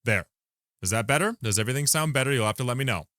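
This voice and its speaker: A man's voice: medium pitch, expressive, a bit bright, no echo, clean studio sound. A man hosting a game livestream, talking casually to his chat, frustrated and swearing at broken equipment. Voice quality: distorted robotic mic audio. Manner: frustrated, swearing, fast-shifting energy. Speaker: streamer. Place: home room. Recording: distant, glitchy robotic-sounding mic.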